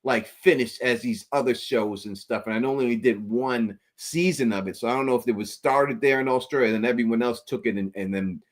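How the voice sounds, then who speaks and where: A man hosting a loose call-in stream, talking in an animated, excitable way. He laughs often and stumbles through restarts as he makes his point. His voice sits in an ordinary middle pitch. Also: a little fast, hardly any pauses. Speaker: livestream host. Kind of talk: casual call-in chat.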